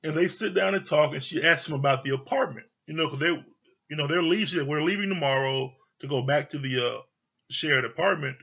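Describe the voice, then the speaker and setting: A man's voice: a little high, fairly quick, vocal fry, fairly bright tone, breathy edge, muffled recording. A man giving a casual, profanity-laced review of a TV show, blunt, exasperated and mocking.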